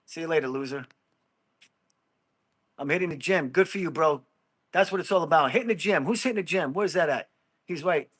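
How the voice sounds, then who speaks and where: A man's voice: on the high side, fairly quick, pauses often, fairly bright tone. A middle-aged man hosting a casual livestream, bluntly chatting with viewers and calling them bro. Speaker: livestream host. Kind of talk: casual livestream chat, reading comments.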